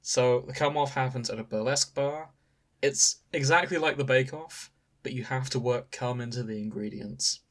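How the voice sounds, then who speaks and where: Man, podcast co-host, middling pitch, wry, dry asides, casual chat. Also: moderate pace, a bit bright.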